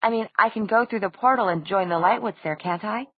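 A woman's voice: mid-range voice, fairly quick, breathy edge, dry recording, voice pushed up, natural voice. A woman voicing an anxious teenage girl who pleads urgently, in a dry, tinny recording. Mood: pleading. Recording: dry, tinny phone-like sound.

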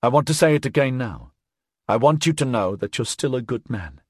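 A man's voice: mid-range voice, lively intonation, brisk, husky, no room sound, clean studio sound, voice pushed up. Bella, a man voicing an earnest pleading woman. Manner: earnest, persuasive, soft-spoken.

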